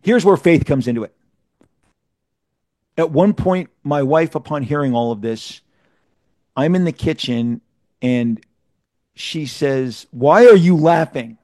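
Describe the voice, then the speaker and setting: Animated man telling a story, dry sound. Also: medium pitch, slow pace, pauses often, no room sound. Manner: animated, stumbling restarts and repeated words. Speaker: interview guest. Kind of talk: casual anecdotal storytelling.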